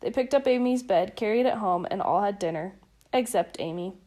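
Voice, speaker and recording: A woman reading a children's picture book aloud in a lively, expressive way. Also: mid-range voice, fairly quick. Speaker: storybook reader.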